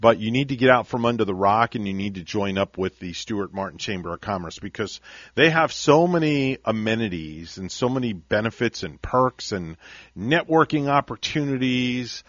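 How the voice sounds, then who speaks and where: A man's voice: lowish voice, expressive, normal speed, fairly bright tone, no echo, highs cut off. A man hosting a morning radio show, chatting casually and jokingly plugging local business.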